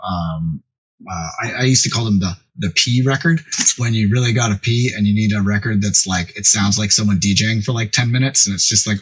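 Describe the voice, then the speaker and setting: A man's voice: mid-range voice, muffled recording, a little hiss or hum. A middle-aged man, a music producer, telling a long anecdote as a podcast guest and acting out what others said. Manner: animated, acts out quoted voices loudly. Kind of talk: casual storytelling.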